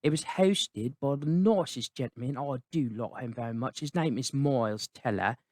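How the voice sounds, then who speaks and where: A man's voice: medium pitch, moderate pace, a little mellow, dry recording, voice pushed down, close to an everyday voice. A man voicing a cheeky, rambling adult British fixer in a put-on British accent, dropping slang tags as he chatters. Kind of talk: comedic character review.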